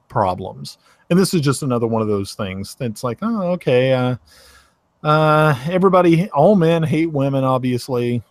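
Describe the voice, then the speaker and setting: A man from Tennessee with a Southern accent, talking casually on a video call, halting with many restarts and fillers. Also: mid-range voice, dry recording. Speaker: host. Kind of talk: casual online chat.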